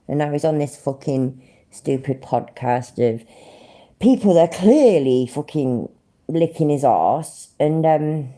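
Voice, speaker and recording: Low-voiced sarcastic British woman. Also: lively intonation, a little slow, warm tone. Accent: British English. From Britain. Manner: sarcastic, sweary ranting. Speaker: livestream host. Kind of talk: live commentary reacting to clips.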